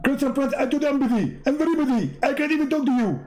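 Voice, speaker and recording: A man with an Arabic accent mocking an impatient male preacher who snaps at a visitor in a shrill, exasperated voice. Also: expressive, fast talker, music in the background. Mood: irritated.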